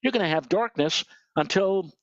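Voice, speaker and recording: A man with a somewhat high voice rants indignantly during casual weather-show chat. He pushes his points hard and emphatically. The sound is dull, dry and lo-fi. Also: expressive, normal speed, no echo.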